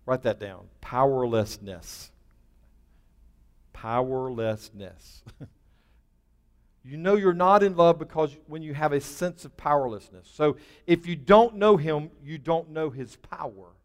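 A male pastor preaching a sermon, building to emphatic bursts and then dropping low and quiet. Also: animated, moderate pace, hardly any pauses, long reverb tail. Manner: emphatic, with rising bursts and dropping to a near hush.

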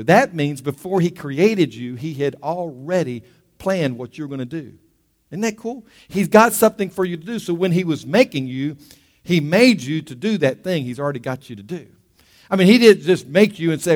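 A man preaching a sermon as pastor, lively and calling for amens from the church. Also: fairly high pitch, normal speed, long reverb tail.

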